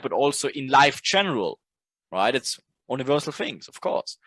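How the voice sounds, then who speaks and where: A man's voice: on the high side, very animated, normal speed, fairly bright tone, no room sound. A man teaching a trading course in a casual lecture. He talks bluntly, swears freely, and keeps checking in with "right?".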